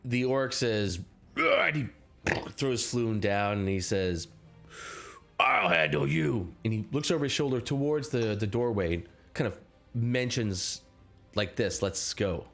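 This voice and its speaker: A man running a tabletop game on a live stream, narrating scenes in a halting, scattered way and saying he is sick. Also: medium pitch, expressive, soft background music. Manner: scattered, halting, lots of restarts. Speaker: game master.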